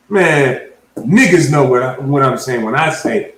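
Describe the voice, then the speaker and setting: A man's voice: mid-range voice, expressive, unhurried, a bit bright, echoey room, slight background noise, poor audio. A man preaching at a Bible class, reading scripture aloud and breaking it down in casual slang, often asking "you understand?". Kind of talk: street sermon, Bible class teaching.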